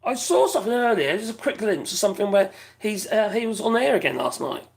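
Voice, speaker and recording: A British man with a rough, husky, slightly hoarse voice chats on a live stream. He rambles from one thought to the next, his pitch swinging widely as he answers viewers' comments. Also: animated, fast talker. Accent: British English. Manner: rambling, chatty, laughs often, reads out viewers' chat. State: voice going hoarse. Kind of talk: casual live-stream chat.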